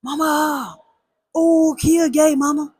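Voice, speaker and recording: A woman's voice: high voice, fairly even intonation, takes it slowly, darkish tone, pitched above the performer's own voice. A woman voicing her tattling kid brothers in a singsong, mocking tone. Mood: teasing.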